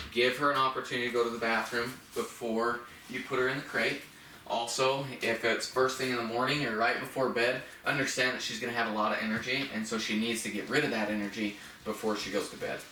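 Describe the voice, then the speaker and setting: A man working as a dog trainer, calmly explaining steps to the owners during a casual demonstration. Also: reverberant, recorded from a distance, a little hiss or hum. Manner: instructive, talks to the dog in high praise bursts.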